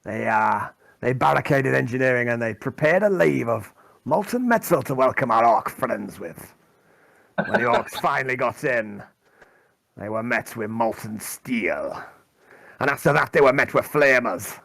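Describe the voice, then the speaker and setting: A man's voice: mid-range voice, animated, normal speed, gravelly, fairly bright tone. A man voicing a grizzled male veteran interrogator in a put-on Scottish accent, blunt and crude. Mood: reporting.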